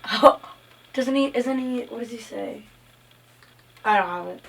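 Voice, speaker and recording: A woman's voice: fairly high pitch, measured pace, creaky, recorded from a distance, a little hiss or hum. A young woman co-hosting a podcast, chatting casually and playfully with frequent giggles. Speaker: podcast co-host. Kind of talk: casual chat.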